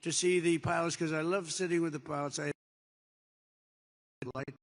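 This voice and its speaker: A man's voice: fairly high pitch, fairly even intonation, normal speed. An older man from the United States gives a rambling, off-the-cuff speech to troops, telling a story with many superlatives. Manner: meandering storytelling, repeats superlatives, acts out dialogue. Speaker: president addressing troops. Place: large air base venue. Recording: long reverb of a large hall.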